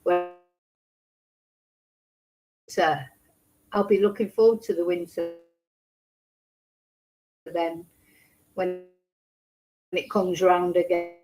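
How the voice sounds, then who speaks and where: A woman's voice: on the low side, flat delivery, very slow, pauses often, warm tone, soft background music, low-quality recording. A woman hosting a casual true crime livestream from her home in Spain, talking in a rambling, emotional way with many restarts.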